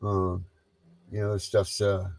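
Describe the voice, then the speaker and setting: A man's voice: deep voice, completely flat delivery, measured pace, darkish tone, no echo, poor audio. A man hosting a casual livestream chat, loose and rambling, with frequent ums. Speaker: livestream host.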